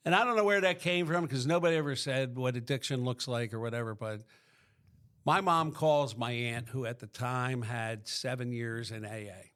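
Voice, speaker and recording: A man's voice: medium pitch, moderate pace, a bit bright, smooth. A middle-aged man from Pennsylvania, a podcast guest, tells his recovery story in a rambling way, full of restarts.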